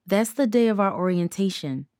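A woman's voice: mid-range voice, lively intonation, normal speed, a little mellow, no room sound, studio quality, close to an everyday voice. A woman voicing a nervous, hesitant teenage girl in a storybook reading. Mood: pleading. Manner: nervous, careful.

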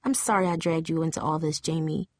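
A woman's voice: deep voice, fast talker, darkish tone, dry recording, studio quality. A woman reading an audiobook, voicing a tearful, bitter teenage girl cheerleader in a shaky, raised voice. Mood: upset. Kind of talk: audiobook character voice.

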